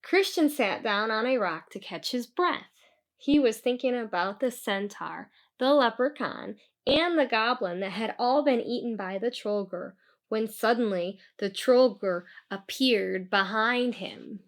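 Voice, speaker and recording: Slow, expressive woman reading a storybook. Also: fairly high pitch. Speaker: storybook reader. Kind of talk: children's book read-aloud.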